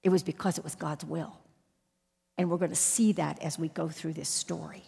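Husky woman preaching in a reverberant hall. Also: low-pitched, fairly even intonation, moderate pace. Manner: emphatic storytelling with sudden loud rises. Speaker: Bible teacher. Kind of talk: sermon with personal story.

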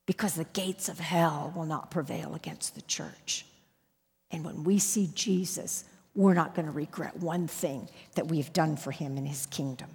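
A woman with a husky, slightly breathy voice preaches, shifting between quiet, measured points and bursts of emphasis. Her voice carries a long reverb, as if filling a large hall. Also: low voice. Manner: emphatic storytelling with sudden loud rises. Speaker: Bible teacher. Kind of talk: sermon with personal story.

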